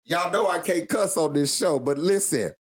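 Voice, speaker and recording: A man's voice: a little high, normal speed, slightly rough. A man co-hosting a podcast, telling a wrestling story in slangy casual chat, laughing often. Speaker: podcast co-host.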